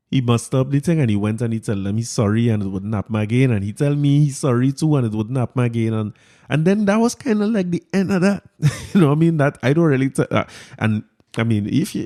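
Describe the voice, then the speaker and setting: A man hosting a podcast, telling a family story in a casual, animated way and laughing often. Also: medium pitch. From Trinidad and Tobago. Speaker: podcast host.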